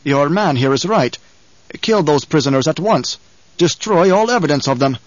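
A man's voice: on the high side, lively intonation, moderate pace, no echo, close to an everyday voice. A man voicing a blunt, hot-tempered veteran warrior with an urgent manner, on a dull lo-fi recording.

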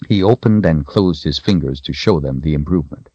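A man reading a story aloud as an audiobook narrator, in expressive storytelling. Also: extremely low pitch, a little fast, hardly any pauses, slightly rough, dry recording, muffled recording. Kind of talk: scripted narration.

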